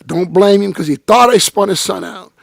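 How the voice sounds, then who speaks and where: Gravelly, high-pitched storytelling man. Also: moderate pace, dry recording, clean studio sound. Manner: profane, animated storyteller who acts out quotes. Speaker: interview guest. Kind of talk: storytelling in a casual interview.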